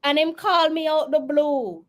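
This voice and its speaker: A woman's voice: high voice, normal speed. A woman with a British accent hosting a casual chat, laughing often and slipping into patois. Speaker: host.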